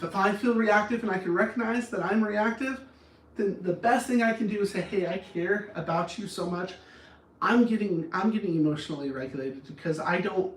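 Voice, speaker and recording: A man coaching on anger management, talking earnestly and often restarting his words. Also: sits high. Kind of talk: motivational talk. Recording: roomy echo, far from the mic.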